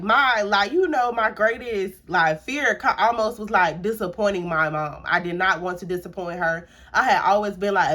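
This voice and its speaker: Chatty young woman telling a storytime. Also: medium pitch. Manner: casual and animated, with frequent fillers and acted-out quotes. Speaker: YouTuber. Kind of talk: storytime vlog.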